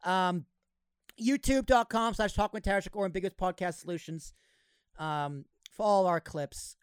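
A man's voice: high voice, clean tone, no echo. A man hosting a podcast in casual, joking chat, reading his closing plugs. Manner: jokey, laughing, quick plugs. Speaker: podcast host.

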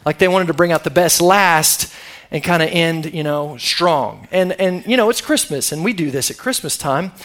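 A man's voice: on the high side, animated, normal speed, fairly bright tone. A middle-aged man preaching a sermon as pastor, conversational and calling on the congregation to answer back. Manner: conversational, calls on the congregation for responses.

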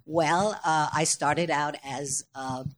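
An older woman, a stage actress, speaking as a panel guest before an audience, expressive and often laughing, restarting her sentences. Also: low-pitched, slow.

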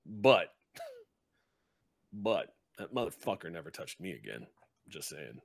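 A man's voice: low-pitched, very animated, a little slow, creaky, breathy edge, no room sound, pitched below the performer's own voice, full character voice. A man voicing Bleeger, a crude, grinning redcap fae cab driver who swears bluntly and talks in a chummy way.

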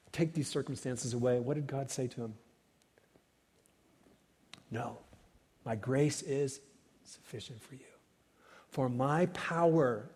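A man preaching a sermon as pastor, rising to loud cries and falling to hushed whispers. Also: medium pitch, slightly rough. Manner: dynamic preaching, swells loud then drops to whispers. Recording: long hall reverb.

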